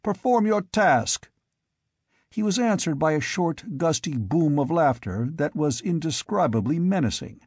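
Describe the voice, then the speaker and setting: A man's voice: on the high side, animated, darkish tone, husky, dry recording, studio quality. Male narrator reading a fantasy audiobook. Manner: measured, dramatic storytelling. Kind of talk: scripted narration.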